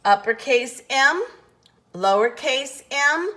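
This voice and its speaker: A woman teaching letter sounds in a slow, patient phonics lesson, carefully over-enunciating each sound. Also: sits high, animated, fairly bright tone.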